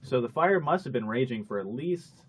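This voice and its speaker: A man's voice: medium pitch, lively intonation, normal speed, slightly rough. A man hosting a casual group chat show, talking in a rambling, chatty way and laughing often. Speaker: show host.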